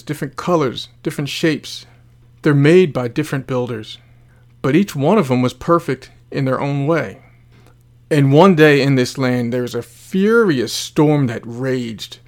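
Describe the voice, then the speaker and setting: Male motivational speaker, earnest storytelling delivery with deliberate pauses. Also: medium pitch. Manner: earnest, slow, dramatic pauses. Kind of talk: storytelling narration.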